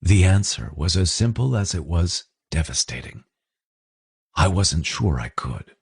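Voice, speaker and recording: A man's voice: low-pitched, very animated, measured pace, creaky, husky. A man narrating a romance audiobook in the first person, with intense, emotional delivery.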